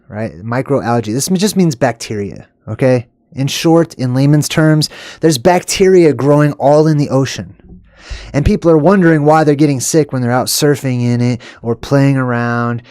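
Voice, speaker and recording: A man's voice: medium pitch, unhurried, no echo, studio quality. A man hosting a video, casually talking over news clips in a rambling way, laughing and dropping into muttered asides. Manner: rambling, chuckling, swings from loud to muttered asides.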